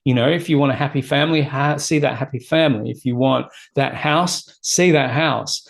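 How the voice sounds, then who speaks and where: This is a man speaking as a guest coach in an interview. His voice is gravelly, and he has a middle-range pitch. He talks in an emphatic, motivational way and stacks up repeated phrases. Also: normal speed. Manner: emphatic, repetitive lists. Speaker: guest, personal development coach.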